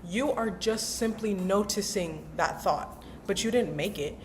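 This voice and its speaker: A woman's voice: medium pitch, measured pace, slight background noise. A young woman vlogging casually about mindset, chatty and emphatic, with lots of slang. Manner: chatty, emphatic, slangy, acts out inner voices. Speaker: self-help vlogger. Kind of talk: casual motivational talk.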